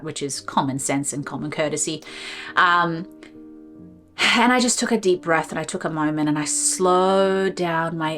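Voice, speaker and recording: Woman, lowish voice, casual spiritual talk, animated storytelling, faint music behind. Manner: storytelling, animated, laughs often. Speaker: meditation channel host.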